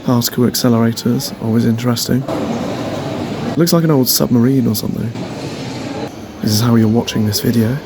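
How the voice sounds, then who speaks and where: A man's voice: medium pitch, steady tone, brisk, long pauses, heavy background noise. A young man chatting casually in a vlog, rambling and tentative, laughing at himself as he talks. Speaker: van life vlogger. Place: outdoors in a city and in a van.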